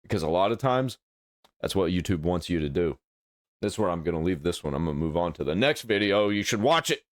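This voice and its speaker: A man's voice: sits low, animated, fast talker, dry recording. A man hosting a reaction video, talking bluntly in casual commentary and swearing as he rants.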